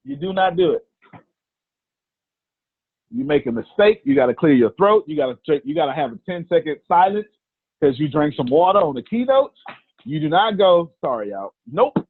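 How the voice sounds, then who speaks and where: Man, business coach, husky voice, phone-quality line, punchy repeats. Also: fairly high pitch, normal speed, pauses often, dry recording. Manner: animated storytelling, repeats phrases for emphasis. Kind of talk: casual coaching talk.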